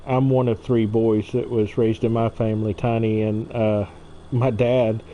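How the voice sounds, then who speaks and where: A man's voice: lowish voice, level tone, measured pace, dark tone. A middle-aged man hosting a gaming stream, chatting casually and laughing as he tells family stories. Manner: chatty storyteller, laughs often. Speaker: gaming channel host. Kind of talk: casual chat while streaming a farming game. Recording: dull lo-fi stream audio, faint noise.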